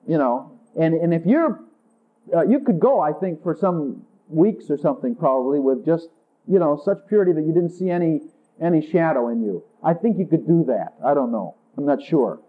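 A man preaching a sermon in an intimate way, acting out conversations with Jesus. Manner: intimate, acts out dialogues with Jesus in a higher voice. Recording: tinny phone-like sound.

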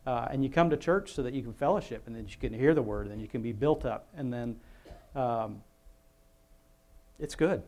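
A man's voice: mid-range voice, normal speed, pauses often, a little mellow. Male pastor, casual sermon, talks in loops and asides, restarts a lot. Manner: chatty, self-interrupting, many restarts and asides. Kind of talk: rambling informal sermon.

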